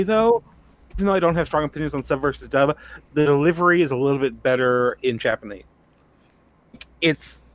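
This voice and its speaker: A man co-hosting a podcast, giving measured, hedged opinions in a casual anime discussion. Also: on the high side, no echo. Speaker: podcast co-host.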